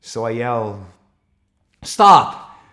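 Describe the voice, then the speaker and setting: A man's voice: mid-range voice, normal speed, natural voice. A man from Australia acting a stage monologue, playing an anxious countryman who earnestly recounts a night drive. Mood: urgent. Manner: earnest, rising to urgent shouts when retelling the chase. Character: anxious rural man, defensive storyteller. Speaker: actor performing a stage monologue. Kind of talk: theatrical monologue.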